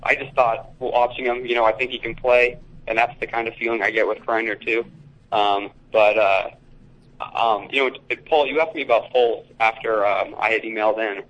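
A man's voice: mid-range voice, steady tone, a bit bright. Young man calling in on a dull phone line. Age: young adult. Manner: rambling, halting football analysis. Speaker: caller. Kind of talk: casual call-in chat. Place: school hallway.

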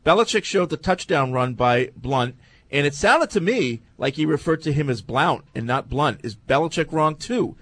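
A man's voice: on the high side, lively intonation, normal speed, fairly bright tone, dry recording. A man hosting a sports talk radio show, reading listener messages and teasing his co-host in a dry way.

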